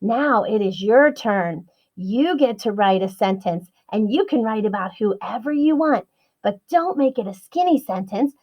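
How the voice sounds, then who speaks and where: A woman teaching a writing lesson to young children, slow and sing-song, stretching her words out and encouraging them. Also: a little high.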